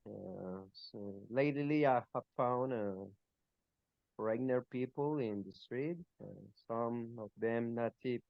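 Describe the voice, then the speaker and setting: Slow male student, second-language english, lots of uhs, dry muffled call audio. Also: mid-range voice, vocal fry, no echo. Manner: hesitant, many fillers. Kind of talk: class discussion.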